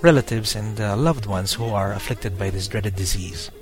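A man's voice: lowish voice, normal speed, soft background music. A man hosting a podcast, talking casually to his listeners with many fillers and restarts. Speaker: podcast host.

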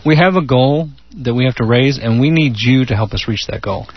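A man co-hosting a talk radio show, relaxed and promotional. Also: mid-range voice, brisk, breathy edge. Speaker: radio co-host. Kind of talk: casual talk radio chat. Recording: dry dull lo-fi radio recording.

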